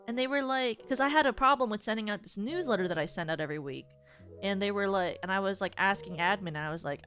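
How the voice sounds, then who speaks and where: Bright, bubbly young woman streamer. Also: mid-range voice, fast, soft background music. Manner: bubbly, rambling with many fillers; squeals excitedly at alerts. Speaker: VTuber streamer. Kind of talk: casual live-stream chat.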